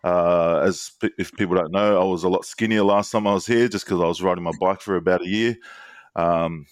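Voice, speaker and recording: A very low-pitched man, telling stories in loose, relaxed banter with plenty of ums. His voice is close and dry, with no room sound. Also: brisk, dry recording. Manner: laid-back storytelling with frequent ums and laughs. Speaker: podcast co-host. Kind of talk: casual banter.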